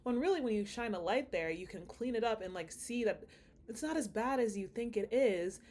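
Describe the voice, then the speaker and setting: A woman's voice: a little high, animated, moderate pace, a little mellow. A woman with a slight Nigerian accent, vlogging in a casual, rambling way, thinking aloud with many fillers. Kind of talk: casual reflective monologue.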